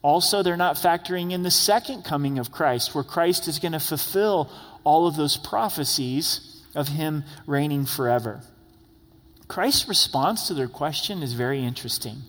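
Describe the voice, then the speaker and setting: Pastor, male, slightly high voice, earnest conversational preaching, long hall reverb. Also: normal speed, fairly bright tone. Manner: earnest, conversational, rising to emphatic questions. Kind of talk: expository sermon.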